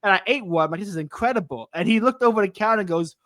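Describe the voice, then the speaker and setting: High-voiced, excitable man telling stories. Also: racing, dry recording, clean studio sound. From United States. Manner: excitable, rambling, frequent restarts. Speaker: podcast host. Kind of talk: casual storytelling chat.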